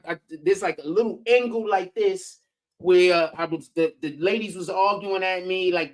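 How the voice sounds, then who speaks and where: A woman vlogger telling a long story in a casual, rambling way, full of slang, swearing and "you know what I'm saying" asides. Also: fairly low pitch.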